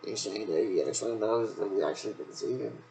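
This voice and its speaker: Man, rambling monologue, heavy vocal fry, loud background noise, webcam recording. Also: on the low side, brisk. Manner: rambling, repetitive, loosely connected talk. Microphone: laptop webcam.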